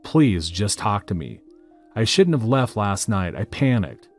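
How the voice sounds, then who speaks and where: A man's voice: fairly low pitch, sing-song, unhurried, faint music behind. A man voicing a tearful young woman who begs her boyfriend, in a pleading way.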